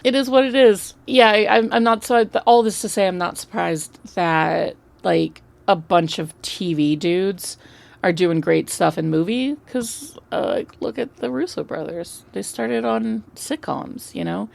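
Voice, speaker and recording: A woman co-hosting a film podcast, chatting casually, swearing freely and throwing in animated asides. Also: medium pitch, unhurried, creaky, dry recording. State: just woke up. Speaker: podcast co-host. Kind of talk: casual chat.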